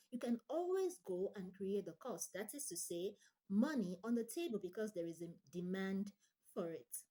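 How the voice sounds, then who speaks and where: A woman online tutor giving an emphatic instructional talk, stressing her points with deliberate repetition. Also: on the high side.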